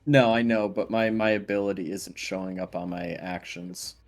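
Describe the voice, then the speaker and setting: A man's voice: low-pitched, fairly even intonation, moderate pace, faint music behind. A man playing a tabletop game over voice chat, answering in short, terse replies. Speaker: player.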